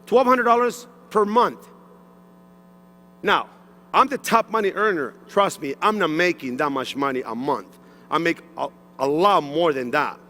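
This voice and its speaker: A man's voice: a little high, lively intonation, a little slow, bright, forceful tone, big-room sound. A man from Mexico giving an emotional personal testimonial on stage, repeating himself, with broken English phrasing. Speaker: stage speaker at a sales event. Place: large event hall on stage.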